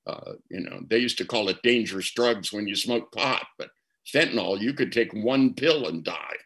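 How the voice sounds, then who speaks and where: In this storytelling interview answer, an older guest therapist shares reflective stories, frequently repeating words when beginning a thought. He speaks at a moderate pace in a lowish, slightly bright voice, and the recording is rough.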